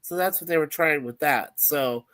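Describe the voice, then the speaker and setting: Chatty speaker, casual livestream talk, teasing, middle pitch. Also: normal speed, a bit bright. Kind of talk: casual chat.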